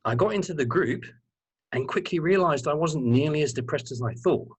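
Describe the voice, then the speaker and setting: A man being interviewed as a guest, telling his personal story in an animated, candid way and swearing freely. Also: fairly high pitch, a little fast, husky. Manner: animated, earnest, swears freely and repeats words for emphasis.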